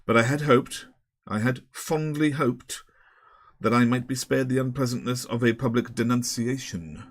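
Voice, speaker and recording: A man's voice: mid-range voice, moderate pace, no room sound, pitched above the performer's own voice, lightly acted. A man voicing an elderly, fussy and snobbish male headmaster who talks in long, pompous, winding sentences with small hesitations. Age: older.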